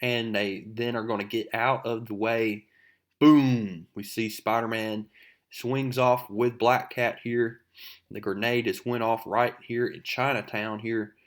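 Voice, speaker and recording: A chatty man walks through a comic book page by page, with a mid-range voice and a relaxed, conversational delivery. He reads the characters' lines aloud as he goes. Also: mid-range voice, a little slow. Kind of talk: casual comic book recap.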